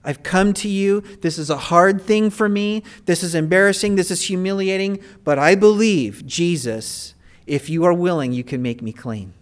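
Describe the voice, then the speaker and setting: A man's voice: high voice, natural voice. A preacher voicing a humbled leper man pleading. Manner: earnest, halting pleas.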